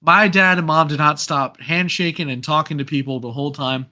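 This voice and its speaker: Bright-voiced man telling a story. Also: fairly high pitch, a little fast. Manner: animated storyteller who acts out quotes. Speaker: podcast host. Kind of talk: casual podcast storytelling.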